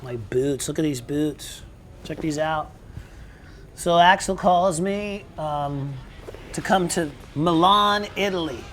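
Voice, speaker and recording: A man's voice: on the high side, takes it slowly, a bit bright, a little hiss or hum. A man, a rock singer, telling stories in a casual interview, rambling with restarts and frequent swearing.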